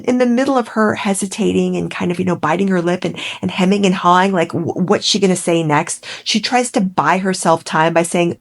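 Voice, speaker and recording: A woman vlogger giving opinionated commentary in a sarcastic, exasperated, animated way. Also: lowish voice, moderate pace, vocal fry, hardly any pauses.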